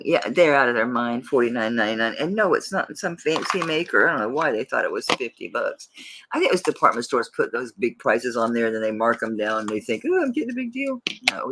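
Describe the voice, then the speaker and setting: Chatty woman with a lively, bouncing pitch. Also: noisy background. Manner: chatty, rambling, laughs often. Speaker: jewelry seller hosting a live auction. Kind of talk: casual live-stream selling chat.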